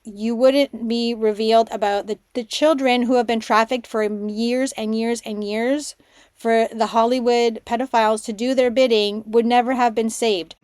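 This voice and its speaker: A woman hosting a spiritual podcast, telling stories in an excitable, rambling way and dropping to a hush for her inner thoughts. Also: on the high side, normal speed, no room sound, clean studio sound. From Canada. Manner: excitable storytelling, drops to a hushed voice for her own thoughts. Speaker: podcast host, spiritual mentor. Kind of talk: casual monologue podcast.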